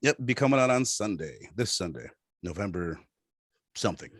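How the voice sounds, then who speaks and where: A man's voice: fairly low pitch, expressive, moderate pace, no room sound, clean studio sound. A man chatting casually as a podcast guest, rambling and often restarting his sentences.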